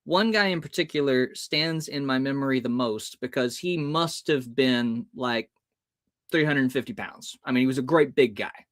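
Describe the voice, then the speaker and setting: A man's voice: medium pitch, normal speed, no echo, studio quality. A man telling a story as a guest in an interview, acting out the voices of the people in it. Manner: lively, acts out the voices in his stories.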